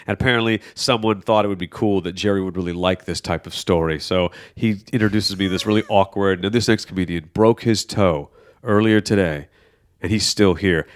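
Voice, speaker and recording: A man's voice: deep voice, fairly quick. A male stand-up comedian telling stories as a guest on a casual podcast, jumping into acted-out quotes as he goes. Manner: animated, jumps into acted-out quotes. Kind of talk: casual storytelling chat.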